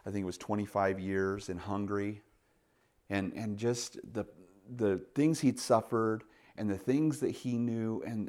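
A man preaching a sermon, retelling stories with lively bursts and quiet asides. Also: fairly low pitch. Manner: animated storytelling with sudden loud bursts and quiet asides. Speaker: pastor.

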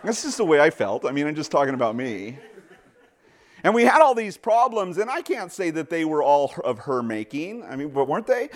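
Guy pastor preaching casually, tells stories, acts out the voices, keeps correcting himself, kinda high voice. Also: fairly quick. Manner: animated storytelling, acts out quoted voices, frequent self-corrections and asides. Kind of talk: conversational sermon.

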